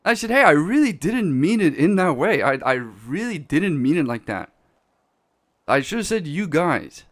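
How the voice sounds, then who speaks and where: A man's voice: fairly high pitch, sing-song, normal speed, fairly bright tone, no room sound. Man as a blunt, profane boss, not a native English speaker, dry close sound, defends himself. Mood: defensive. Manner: profane, blunt, self-justifying, restarts words. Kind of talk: in-character role-play talk.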